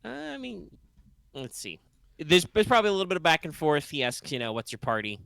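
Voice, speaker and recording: A man's voice: high voice, big pitch swings, a little fast, gravelly, fairly bright tone, dry recording. A man running a tabletop game as game master, narrating loosely with plenty of fillers and restarts. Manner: rambling, many fillers and restarts.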